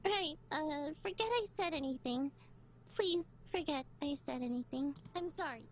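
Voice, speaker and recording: A man voicing an upbeat young woman roommate in a high falsetto, chatty and apologetic. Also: normal speed, a little hiss or hum.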